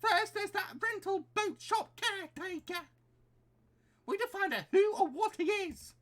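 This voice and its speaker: A man doing a squeaky excitable teen girl. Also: measured pace. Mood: determined. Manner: eager, excitable. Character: peppy teenage girl spirit medium sidekick. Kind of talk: voicing game dialogue.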